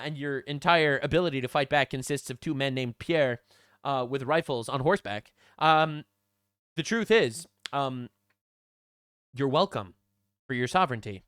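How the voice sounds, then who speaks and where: A man's voice: mid-range voice, a bit bright, smooth, no room sound, studio quality. A man doing reaction commentary, sarcastic and mocking, often laughing at what he reads. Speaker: online political commentator.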